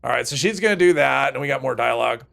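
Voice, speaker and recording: A man streaming a game talks fast in a medium-pitched, fairly bright voice with lively intonation and vocal fry. His commentary is casual and rambling as he chats with viewers while playing.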